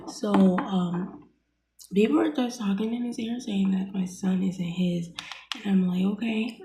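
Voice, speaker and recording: A young woman tells a story in a loose, casual vlog, with lots of fillers and blunt swearing. Her voice is mellow and warm. The room is echoey, and a faint hiss runs under her voice. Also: mid-range voice. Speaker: vlogger.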